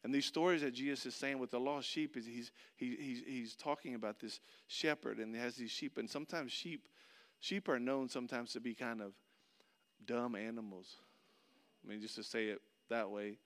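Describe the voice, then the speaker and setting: A middle-aged man preaching a sermon, telling a personal story and swinging between loud excitement and hushed, soft passages. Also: medium pitch, moderate pace. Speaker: pastor. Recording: long hall reverb.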